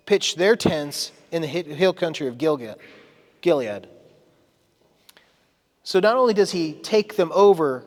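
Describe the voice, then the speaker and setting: A man with a notably high voice preaches in a church sanctuary. He keeps it conversational but leans into dramatic readings of scripture. His words trail into a long reverb from the hall. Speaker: pastor. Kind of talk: sermon.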